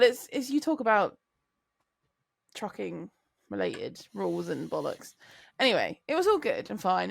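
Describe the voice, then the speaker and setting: A woman co-hosting a podcast, telling a story in casual chat, animated and swearing freely. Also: mid-range voice, gravelly, no room sound, studio quality. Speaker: podcast co-host, truck driver.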